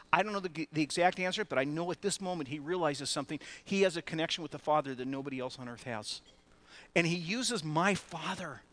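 High, bright-voiced male preacher. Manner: animated, laughs between phrases. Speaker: pastor. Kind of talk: sermon.

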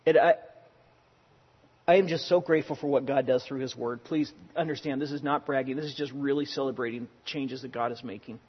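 A man preaching a sermon in a conversational way, telling personal stories, sometimes loud and sometimes hushed. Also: medium pitch, steady tone, brisk, husky, long reverb tail, dull audio. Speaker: pastor.

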